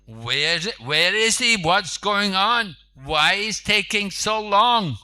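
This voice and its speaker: A man's voice: sits high, animated, slow, voice pushed up, heavily acted. A man voicing an impatient male holy leader who curses in anger at being left in the hot sun. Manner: loud indignant complaining.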